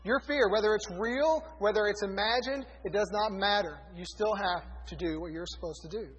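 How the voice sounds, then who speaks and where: A man with a high, slightly bright voice preaches to a congregation at a moderate pace, reading scripture aloud in a conversational way and correcting himself along the way. The recording is dull and lo-fi, in a reverberant hall.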